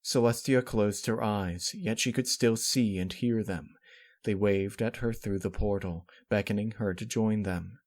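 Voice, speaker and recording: Low-voiced man reading a dark tale. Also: fairly even intonation, unhurried. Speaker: narrator. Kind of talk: fan fiction reading.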